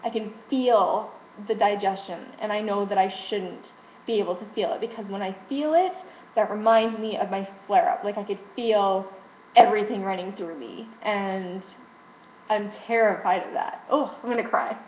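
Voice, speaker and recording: A woman's voice: medium pitch, moderate pace. A young adult woman speaking frankly about her frustrations in a personal vlog, emotional and swearing freely. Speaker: vlogger. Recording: roomy, dull lo-fi sound with faint hiss.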